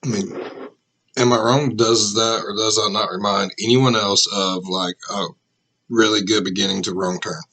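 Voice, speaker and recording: A man's voice: on the low side, normal speed, poor audio. A man giving casual, emphatic comments while reacting to a video. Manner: animated, emphatic asides.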